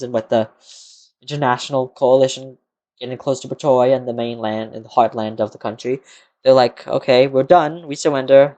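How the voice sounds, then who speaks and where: A man's voice: medium pitch, a little mellow, lo-fi sound. A tired young man streaming live from his computer, rambling to himself and answering chat questions in a casual, muttering way. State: tired, yawning.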